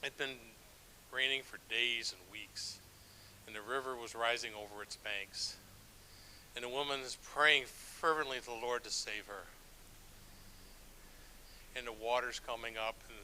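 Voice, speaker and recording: A man's voice: mid-range voice, moderate pace, long pauses, sharp tone, a little hiss or hum, poor audio. A middle-aged man, a church elder, preaching a sermon with stories in a conversational, self-deprecating way, with frequent restarts. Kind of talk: sermon with storytelling.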